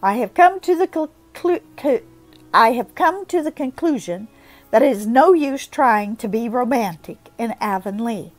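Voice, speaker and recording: A woman's voice: on the high side, lively intonation, measured pace, faint music behind. A woman voicing a spirited, imaginative teenage girl who talks earnestly and expressively.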